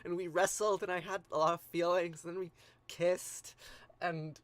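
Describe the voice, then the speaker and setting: A man's voice: high-pitched, level tone, normal speed, dry recording, lightly acted. A man putting on a giddy lovestruck hero king. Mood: gushing. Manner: gushing, breathless, childlike.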